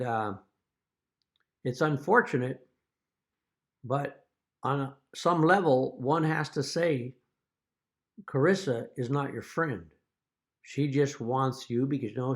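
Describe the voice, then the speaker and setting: A man with an ordinary middle-pitched voice talks straight to the camera as a father addressing his children. He is earnest and deliberate, pointed in his accusations, and at times he falls into a dry joke-telling aside. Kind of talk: direct-to-camera video message.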